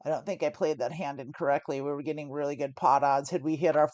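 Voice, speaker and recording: A woman's voice: low voice, fairly even intonation, fast, a little mellow, no room sound. Chatty woman explaining poker plays. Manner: chatty, explains each decision, often restarts phrases. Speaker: poker stream host. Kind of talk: live poker play-and-explain commentary.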